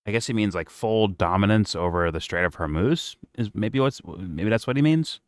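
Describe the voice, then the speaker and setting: A man with a very low voice mocks what he is watching in loose, profane chatter. His tone stays sarcastic throughout. The sound is dry and close to the mic. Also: lively intonation, moderate pace, no room sound. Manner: mocking, sarcastic, swears often. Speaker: reaction stream host. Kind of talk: casual profane commentary.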